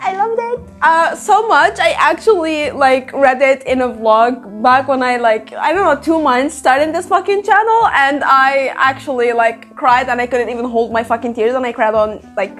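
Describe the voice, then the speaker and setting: A woman hosting a casual book review vlog, talking in an emphatic, animated way and swearing freely. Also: sits high, moderate pace, soft background music. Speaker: book reviewer, channel host.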